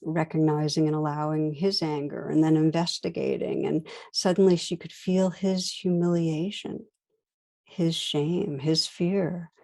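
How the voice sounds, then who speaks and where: A woman meditation teacher giving a dharma talk, telling stories in a gentle, unhurried way with soft pauses. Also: low-pitched, steady tone, vocal fry.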